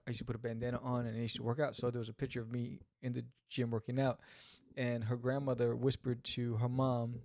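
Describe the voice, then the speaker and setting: A man hosting a podcast, reviewing a comic in a casual, animated way full of joking asides. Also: medium pitch, no echo, studio quality.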